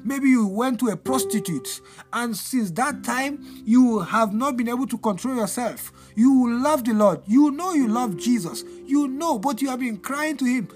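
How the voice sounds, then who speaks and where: A man's voice: very high voice, lively intonation, normal speed, few pauses, darkish tone, soft background music. A male pastor delivering a fervent deliverance sermon, repeating phrases in a sing-song preaching cadence.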